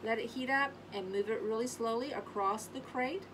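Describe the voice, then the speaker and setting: A woman hosting a casual craft tutorial, chatting warmly to viewers and humming little scat tunes as she works. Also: on the high side, normal speed, background noise. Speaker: craft video host. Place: home craft space on an acreage.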